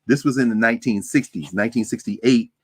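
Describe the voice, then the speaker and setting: A man lecturing to a university class, talking in a lively, conversational way with frequent asides to his students. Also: mid-range voice, fairly quick, no room sound. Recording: dry close sound.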